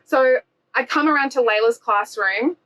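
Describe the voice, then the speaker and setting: A woman's voice: on the high side, normal speed, a bit bright, low-quality recording. A woman in her thirties, a family vlogger, telling a story to the camera in an emotional, exasperated way. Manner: emotional, exasperated retelling with lots of "I was like".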